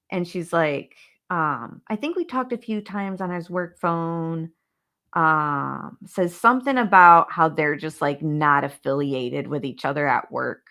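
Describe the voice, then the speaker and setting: A woman's voice: on the low side, gravelly, bright, forceful tone. A woman hosting a casual livestream, chatting straight to viewers and reading documents aloud. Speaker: true crime channel host. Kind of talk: casual livestream case discussion.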